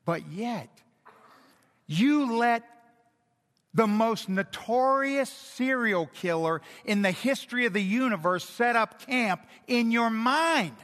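A middle-aged man preaching a sermon as pastor, animated and conversational, swinging from loud to hushed. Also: very high-pitched, slow pace. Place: large church hall. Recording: long hall reverb.

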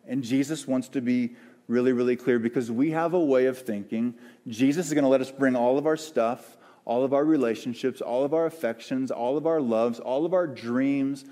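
A man preaching a sermon as the church's pastor, earnest and searching, with pauses and restarts. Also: mid-range voice, mellow. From American South. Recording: long hall reverb.

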